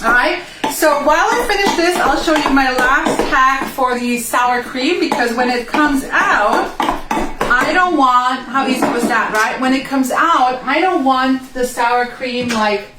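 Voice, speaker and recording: A woman's voice: sits high, a little slow, heavy background noise. A woman hosting a casual live cooking demo from her home kitchen, chatting and asking viewers if they agree. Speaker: home cooking show host selling kitchen products. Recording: echoey room, far from the mic.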